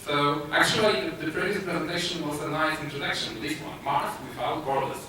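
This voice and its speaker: A man with a Polish accent giving a conference talk, speaking haltingly with many filler sounds and restarts. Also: fairly high pitch, steady tone, bright, forceful tone. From Poland. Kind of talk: conference presentation. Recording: echoey hall, distant mic, noisy.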